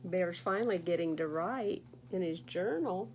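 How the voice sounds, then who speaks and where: A woman librarian reading picture books aloud at a baby storytime, animated and sing-song, talking to little listeners. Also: fairly low pitch, normal speed, a little hiss or hum. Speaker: children's librarian.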